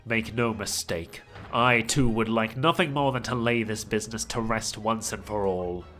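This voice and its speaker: A man voicing a stern, weary older male judge in a low, grave voice. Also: normal speed, a bit bright, faint music behind, lightly acted.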